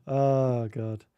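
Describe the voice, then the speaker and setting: A man's voice: medium pitch, clear, resonant tone, dry recording, dull audio. A man hosting a live stream, chatting casually and joking, often breaking into laughter. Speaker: streamer host.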